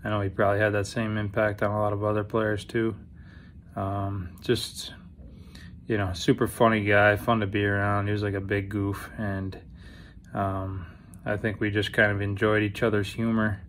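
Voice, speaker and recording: Low, flat-voiced man, subdued and halting. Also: a little hiss or hum. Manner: subdued, halting, full of fillers. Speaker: former teammate sending a video tribute. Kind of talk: recorded video message.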